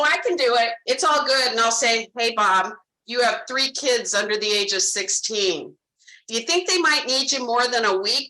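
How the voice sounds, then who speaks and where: A woman's voice: fairly high pitch, bright, forceful tone, reverberant, low-quality recording. A woman training insurance salespeople, speaking animatedly and directly to her audience and acting out her conversations with clients. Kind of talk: sales training talk with role-played client dialogue.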